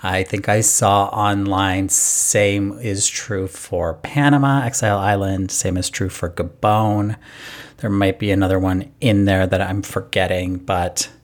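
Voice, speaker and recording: Low-voiced male podcast host. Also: steady tone, a little slow. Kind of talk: casual chat.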